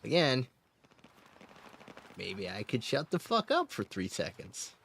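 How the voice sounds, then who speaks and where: A man with a tired, hoarse voice chats through a live game stream. His delivery is unhurried but swoops widely in pitch. He laughs readily and swears freely, over a faint hiss of background noise. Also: wildly swooping pitch, fairly bright tone. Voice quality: laughs often, swears, hums along. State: hoarse, strained voice.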